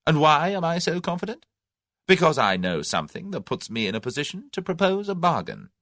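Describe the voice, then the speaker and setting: A man's voice: on the high side, big pitch swings, brisk, fairly bright tone, dry recording, studio quality, pitched above the performer's own voice. A man voicing a brash young Englishman who keeps airy and confident under threat. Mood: cocky.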